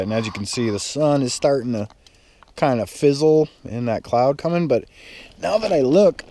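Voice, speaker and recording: Chatty young man, warm mellow voice. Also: mid-range voice. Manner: rambling, chatty, lots of "like" fillers. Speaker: outdoor vlogger. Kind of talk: casual solo camping vlog. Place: outdoors at a mountain campsite.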